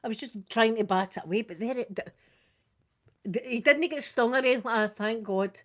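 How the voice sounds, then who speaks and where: With a fairly high-pitched, brisk voice, this older makeup vlogger from Scotland tells stories casually on a live stream. She is animated, acting out screams and quotes.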